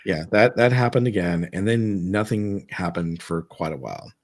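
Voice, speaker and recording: A man sits at his dining table and tells his ghost stories in a relaxed, rambling way. His voice sits low and has a husky edge. He keeps circling back with fillers and restarts. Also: moderate pace. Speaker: guest telling personal ghost stories. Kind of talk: casual storytelling chat. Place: his own home, seated at dining table.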